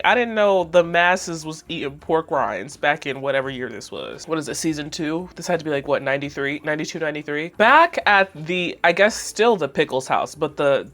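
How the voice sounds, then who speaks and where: A woman in her twenties, with a deep and slightly bright voice, hosts a casual recap of a cartoon. She's chatty, laughs often, and says "like" constantly.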